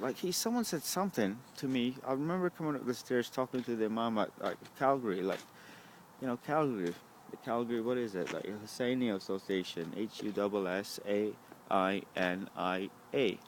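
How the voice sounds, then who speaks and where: A man's voice: medium pitch, darkish tone, slight background noise. A young man, rambling to the camera at a bus stop, swearing often and asking "right?" a lot. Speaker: vlogger.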